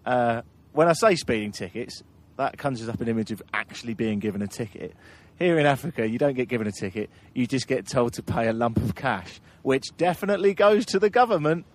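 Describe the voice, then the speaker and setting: A man's voice: mid-range voice, animated, a little fast, hardly any pauses. Laughing man telling travel stories. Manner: laughing, anecdotal storyteller. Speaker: podcast host and traveller. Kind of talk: casual travel chat.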